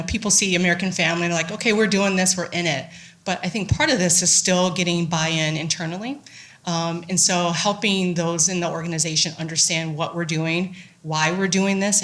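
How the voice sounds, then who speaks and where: A woman speaking as a company representative on a panel, explaining in a brisk way. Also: lowish voice, a bit bright. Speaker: corporate panelist. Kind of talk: panel discussion answer.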